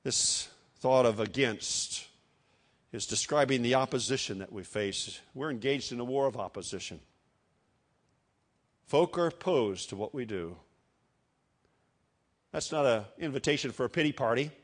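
An older man from Iowa preaching a sermon, with emphatic rhetorical questions and slow, solemn reading of hymn lines. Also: medium pitch, expressive. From Iowa, United States.

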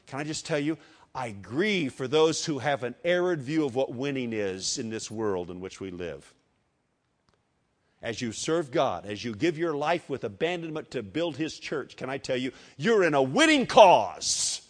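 An older man from Iowa delivers a sermon from the pulpit. He presses his points with rhetorical questions and slows to a solemn, measured pace when reading hymn text. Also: medium pitch, lively intonation. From Iowa, United States. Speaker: preacher.

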